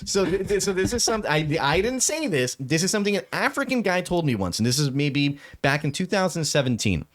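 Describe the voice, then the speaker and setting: Male podcast co-host, casual chat, rambling and halting, lively swooping pitch. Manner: rambling, halting, with many restarts and laughs.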